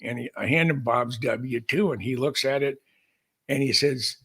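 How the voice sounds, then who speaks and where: A man's voice: medium pitch, normal speed, fairly bright tone, slightly rough. An older man, a podcast guest, telling a long story in a folksy, rambling way with many restarts. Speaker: podcast guest, aviation historian. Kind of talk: storytelling in casual conversation.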